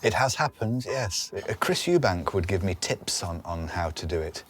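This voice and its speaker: A man with a lively, swooping voice chats as a guest in a cooking show. He is playful, laughs easily and keeps dropping into impressions. A faint hum of kitchen noise sits behind him. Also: low voice, moderate pace. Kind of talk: casual chat on a cooking show.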